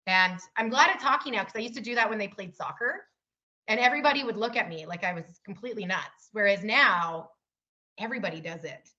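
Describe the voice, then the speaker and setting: A woman's voice: mid-range voice, fairly quick, bright, forceful tone, muffled recording. A woman keynote speaker talking casually and with enthusiasm in an interview. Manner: upbeat and enthusiastic.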